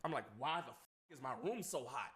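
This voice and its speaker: A young man telling a chaotic personal story to viewers, swearing often and swinging between low recounting and laughing outbursts. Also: expressive, a little fast, a bit bright. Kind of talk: animated storytelling with heavy swearing.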